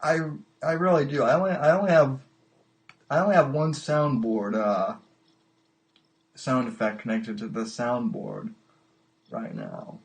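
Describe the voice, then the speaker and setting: A man's voice: mid-range voice, a little slow, gravelly, long pauses. A man hosting a live call-in podcast, chatting casually and amused, often stalling and repeating words as he goes. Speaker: podcast host taking calls. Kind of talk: casual live-stream chat.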